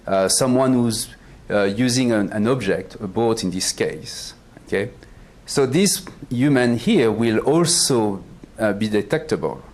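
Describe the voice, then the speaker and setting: A man with a French accent and a cold, giving a public science talk as a planetary astronomer, halting with fillers and joking about himself. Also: fairly low pitch. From France. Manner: self-deprecating, halting with many fillers. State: has a cold, voice worn. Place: auditorium stage.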